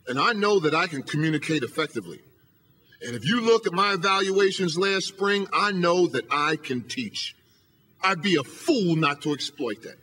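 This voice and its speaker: A man's voice: a little high, sharp tone, slightly rough. A man, a professor, giving an emphatic motivational speech from a podium, hammering home rhetorical questions. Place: lecture hall podium.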